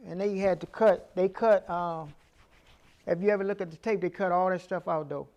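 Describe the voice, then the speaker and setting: A comedian in his fifties telling stories in a casual interview, lively and profane. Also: high-pitched, moderate pace. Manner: animated, profane storyteller. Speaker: comedian guest.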